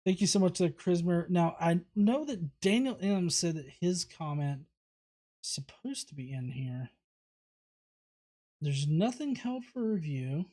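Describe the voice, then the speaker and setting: A man's voice: high-pitched, lively intonation, unhurried, warm tone. A man hosting a livestream, casually reading viewer comments aloud with many fillers and restarts. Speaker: host.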